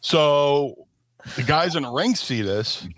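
A middle-aged man, a former wrestler telling lively stories on a podcast and acting out voices. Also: fairly high pitch, slow, dry recording. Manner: animated, acts out voices and shouts in stories. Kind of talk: casual storytelling.

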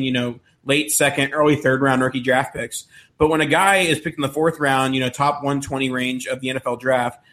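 A man co-hosting a casual sports podcast, laying out his picks in a steady, explanatory way. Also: mid-range voice. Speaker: podcast co-host.

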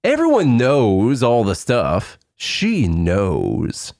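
A man co-hosting a podcast, easygoing and quick to laugh, in casual political chat. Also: medium pitch, wildly swooping pitch, gravelly, darkish tone, no room sound, clean studio sound. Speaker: podcast co-host.

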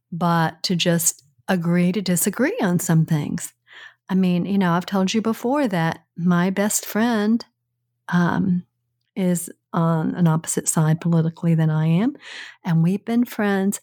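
An older woman co-hosting a podcast with her son, speaking in a calm, measured, reassuring way in a casual chat. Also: fairly low pitch, dry recording, clean studio sound. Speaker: podcast co-host, the host's mother.

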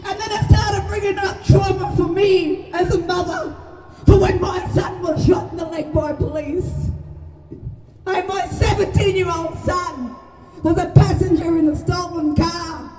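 A woman with a strong Australian accent shouts an impassioned speech to a gathered crowd, her voice pitched very high yet mellow in tone. She talks rawly and swears freely. The sound is echoey and distant from the mic, with a murmuring crowd and faint music behind. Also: steady tone, measured pace. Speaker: mother speaking at a rally.

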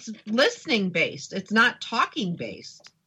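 A woman's voice: mid-range voice, sing-song, measured pace, pushed and bright, slightly rough. A woman hosting a talk show, agreeing with her guest and adding brief reflections. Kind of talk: conversational interview.

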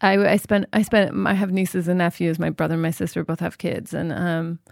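A woman's voice: lowish voice, level tone, brisk, creaky, no echo, clean studio sound. A woman in her thirties, a guest in an interview, talking reflectively and often restarting her sentences. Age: 30s. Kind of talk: casual interview chat.

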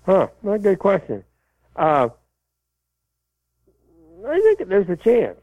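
A man casually answering listener questions about college football, rambling and halting with many fillers and restarts. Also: high-pitched, huge pitch swings, darkish tone, dry recording. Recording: tinny phone line, dry.

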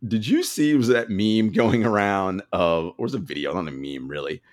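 A man's voice: fairly low pitch, moderate pace. A man co-hosting a casual sports podcast, telling stories animatedly and laughing often. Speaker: podcast co-host.

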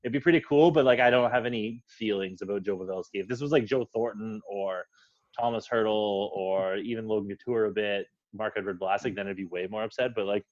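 A man's voice: lowish voice, fairly quick, dry recording, muffled recording. A man talking as a guest on a sports podcast, blunt and opinionated, swearing casually.

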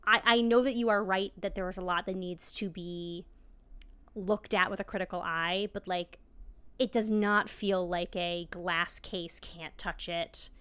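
A woman co-hosting a casual podcast, earnest and chatty, with "like" scattered through her points. Her voice is smooth and clear, in a middle pitch. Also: a bit bright. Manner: chatty and earnest, heavy with "like" fillers. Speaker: podcast co-host.

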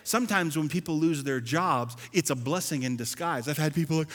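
A man preaching a sermon as pastor, animated, swinging between loud and soft and acting out churchgoers. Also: mid-range voice, normal speed, hardly any pauses. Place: church sanctuary. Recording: long hall reverb.

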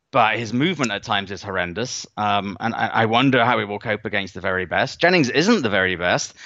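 A man's voice: medium pitch, pushed and bright, no room sound, lo-fi sound. A man talking boxing as an analyst on a podcast, dry and wry, with many fillers and restarts. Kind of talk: podcast chat.

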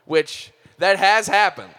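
A man's voice: high voice, slow, pushed and bright, clean tone. A man co-hosting a podcast, playing along goofily in an improvised comedy bit. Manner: goofy, playful. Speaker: podcast co-host.

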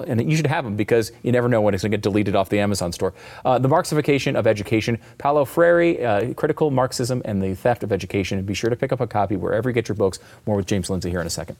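A male talk show host with a gravelly voice, chatting with a guest and reading sponsor ads briskly, jumping up in pitch to stress words. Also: a little mellow. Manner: gravelly, brisk and conversational, pitch jumps up for emphasis. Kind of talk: casual political talk show with ad reads.

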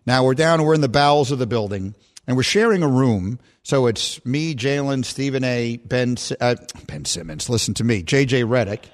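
A middle-aged man hosting a sports talk show, telling a story with lively quoted voices. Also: moderate pace. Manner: animated storyteller, voice jumps high when quoting. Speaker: sports radio host.

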